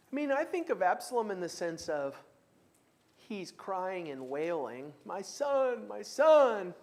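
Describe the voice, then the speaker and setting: A man with a high-pitched, slightly mellow voice leads a church Bible class conversationally. He takes comments from the group and reads scripture aloud with emphasis.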